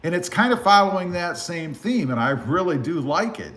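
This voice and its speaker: A man from South Texas hosting a casual car livestream on a phone, reading viewer comments in a relaxed, rambling way. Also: high voice, moderate pace. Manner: relaxed, rambling with many fillers. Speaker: car channel host. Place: live stream over phone.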